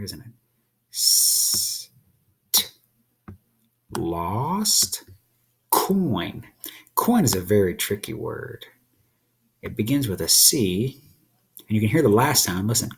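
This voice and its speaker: A man giving a slow phonics lesson to small children, stretching out each letter sound and asking little questions as he draws. His voice is husky and unhurried, and his pitch swings widely. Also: big pitch swings. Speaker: children's teacher.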